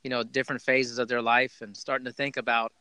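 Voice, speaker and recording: A man hosting a podcast, telling a heartfelt parenting story in a warm, rambling conversational way with restarts. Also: medium pitch, flat delivery, quick pace, clean tone, dry recording. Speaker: podcast host. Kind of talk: casual conversational interview.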